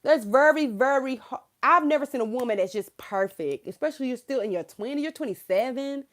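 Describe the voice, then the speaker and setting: Animated woman in her thirties. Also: sits high, fairly quick. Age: 30s. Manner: frank, animated, calls the viewer girl; laughs often. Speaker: tarot reader. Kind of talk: live tarot reading chat.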